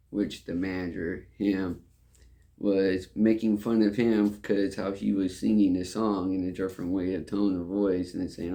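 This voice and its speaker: Young male storyteller, rambling and repetitive, dark mellow tone with gravel. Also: low-pitched, little pitch movement, normal speed. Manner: rambling, repeats "and all that stuff". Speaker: restaurant worker telling a story. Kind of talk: casual rambling anecdote.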